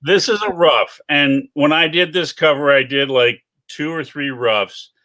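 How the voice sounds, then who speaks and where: Bright-voiced man telling stories. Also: a little high, a little slow. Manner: self-deprecating, animated storyteller. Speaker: guest comic artist. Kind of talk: casual chat.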